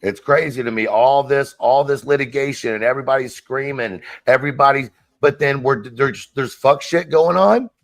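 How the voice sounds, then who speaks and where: An agitated man argues defensively on a livestream, often repeating himself as he gets worked up. The recording is dry, with no room sound, and his voice sits at an ordinary middle pitch. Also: normal speed, few pauses, no echo. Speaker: streamer in a played clip. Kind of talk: heated live-stream argument.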